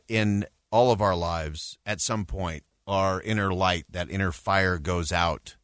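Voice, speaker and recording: A man's voice: deep voice, a bit bright, no echo. A male radio host giving an earnest, reflective closing commentary and telling a story in a studio.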